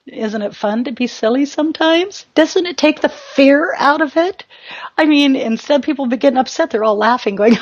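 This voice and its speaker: A woman's voice: high-pitched, lively intonation, moderate pace, highs cut off. A woman hosting a spiritual talk show, chatting in a rambling, self-mocking and giggly way.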